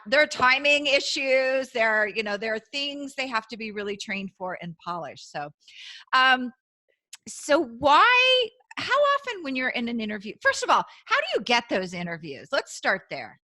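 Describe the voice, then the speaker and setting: A woman's voice: a little high, very animated, a little slow, pushed and bright, no room sound. A woman hosting a podcast interview in a bubbly, enthusiastic and playful way. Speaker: podcast host.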